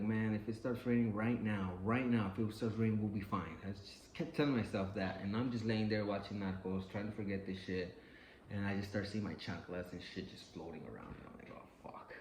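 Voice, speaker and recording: A man casually telling a personal story, swearing freely and acting out the voices of the people in it. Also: lowish voice. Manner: animated, profane, acts out quoted voices. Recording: echoey room with faint ambient noise.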